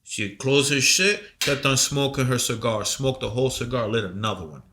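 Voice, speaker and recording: A man co-hosting a podcast, telling a long story in a rambling, profane, animated way while coming down with a cold. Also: mid-range voice, moderate pace. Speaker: podcast co-host. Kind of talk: casual storytelling chat.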